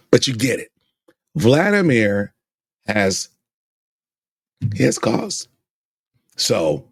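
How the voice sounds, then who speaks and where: Low husky man hosting a podcast. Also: no room sound. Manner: animated, stammering repeats when excited. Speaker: podcast host. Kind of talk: excited podcast commentary.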